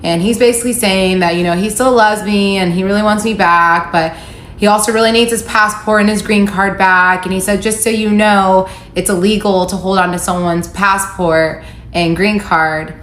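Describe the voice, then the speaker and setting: A woman's voice: medium pitch, fairly even intonation, normal speed, fairly bright tone. A young adult woman telling a personal story in a candid, wry way, quoting messages in her own voice. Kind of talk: casual storytelling to camera. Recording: echoey room with faint background noise.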